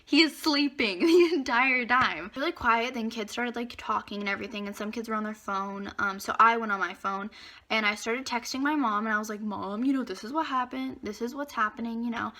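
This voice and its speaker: A woman's voice: on the high side, fairly quick. A teenage girl telling a dramatic school story in a chatty storytime vlog, acting out what others said. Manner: chatty, animated retelling with acted-out quotes. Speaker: vlogger.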